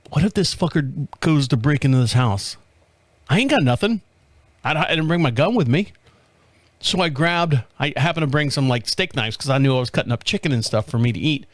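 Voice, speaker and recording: A man's voice: mid-range voice, no echo. A man hosting a podcast, telling a story casually, acting out the other people's voices, swearing freely and laughing often. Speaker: podcast host.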